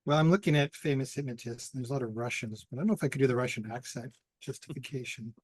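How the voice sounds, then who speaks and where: A man's voice: mid-range voice, fast talker, slightly rough, no room sound. A man playing in a tabletop game, chatty and playful, laughing at his own jokes. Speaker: player. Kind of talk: casual chat at a tabletop game.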